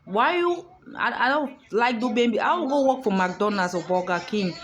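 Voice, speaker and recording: A woman's voice: a little high, animated, normal speed, fairly bright tone. A woman vlogger telling a personal story in a casual monologue, emphatic and outspoken, swearing freely, recorded in a hotel room.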